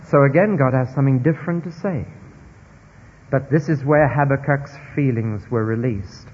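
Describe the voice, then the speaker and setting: A man preaching a sermon, expressive, moving between hushed stretches and emphatic ones, in a dull recording with long hall reverb from a church or large hall. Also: medium pitch, moderate pace, a little hiss or hum.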